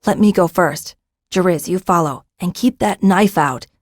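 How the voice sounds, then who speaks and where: A woman's voice: fairly low pitch, moderate pace, no echo, lightly acted. Brave young dragonrider girl giving orders, urgent, the narrator lady doing her, dry close sound. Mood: firm. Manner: urgent, commanding.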